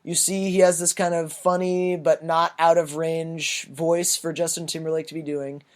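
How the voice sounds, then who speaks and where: A man's voice: a little high, level tone, moderate pace. A man co-hosting a podcast, chatting casually through a movie review in a loose, rambling way and swearing freely. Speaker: podcast co-host.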